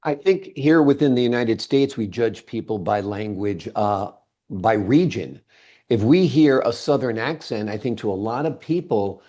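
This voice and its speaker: Low, mellow-voiced male host. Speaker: interview host. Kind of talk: casual conversational interview. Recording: dull lo-fi recording.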